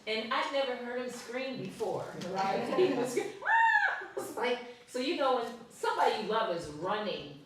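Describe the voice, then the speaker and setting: A woman's voice: fairly high pitch, lively intonation, moderate pace, few pauses, slight background noise. A woman leading a live workshop, telling a story in a chatty way, laughing often and checking in with her audience. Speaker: workshop leader and ministry founder. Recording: echoey room, voice from far off.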